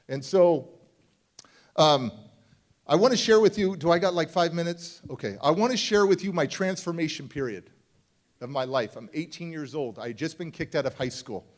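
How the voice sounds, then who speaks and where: A middle-aged man speaks as a motivational speaker on a conference stage. His voice sits a little high for a man, and he tells his story with plenty of animation. He drops into playful voices for his younger self. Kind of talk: keynote talk at a youth summit. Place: conference stage before a live audience.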